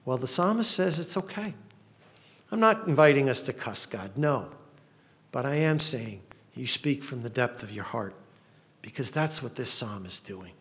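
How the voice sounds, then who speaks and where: A man's voice: mid-range voice, big pitch swings, normal speed, a bit bright. A male pastor preaching a sermon in an earnest manner, reading laments with rising passion.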